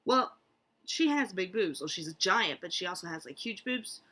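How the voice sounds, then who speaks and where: A young adult woman, an American therapist, talking casually to camera with lots of fillers, restarts and animated asides. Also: lowish voice, normal speed. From United States. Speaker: therapist vlogger. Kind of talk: casual talking-head vlog.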